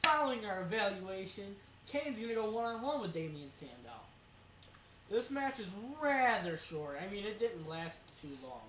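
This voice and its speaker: Giggly co-host with a lively voice. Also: mid-range voice, recorded from a distance. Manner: playful and giggly, quick to tease. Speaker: co-host of a wrestling recap show. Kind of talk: casual recap chat. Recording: roomy amateur recording with faint noise.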